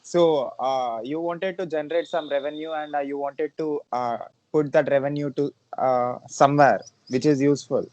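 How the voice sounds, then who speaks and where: A man hosting a podcast, asking halting questions with many fillers. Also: on the high side, fairly even intonation, darkish tone. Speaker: podcast host. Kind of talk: casual interview. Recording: dull lo-fi dry sound.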